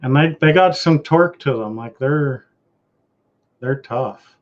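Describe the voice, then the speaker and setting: Canadian male host, unhurried and rambling, mid-pitched voice, muffled lo-fi recording. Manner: rambling, laid-back, trails off and restarts. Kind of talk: casual live-stream chat. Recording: dull lo-fi stream audio.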